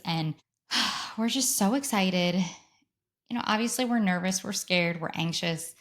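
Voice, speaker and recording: A woman in her thirties hosting a solo podcast, telling a story in an animated, gushing way and acting out what people said. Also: medium pitch, measured pace. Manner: animated, gushing storyteller who acts out quotes. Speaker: podcast host.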